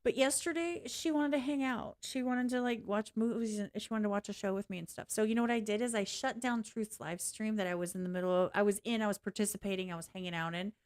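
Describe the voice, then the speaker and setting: This woman's medium-pitched, slightly mellow voice moves quickly with hardly any pauses. Live streaming, she rants candidly and bluntly to viewers, swearing freely and laughing as she talks.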